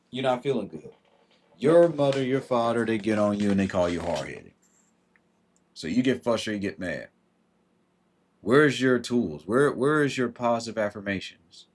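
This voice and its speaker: Male livestream host, husky, blunt and emphatic, casual advice talk. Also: on the low side. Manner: blunt and emphatic, swears, greets viewers by name.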